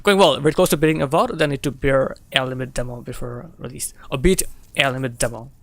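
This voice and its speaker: Talking at a brisk clip in a mid-pitched voice, this young gamer banters with his stream audience, reads out and answers their chat messages, and laughs often. The recording has no echo.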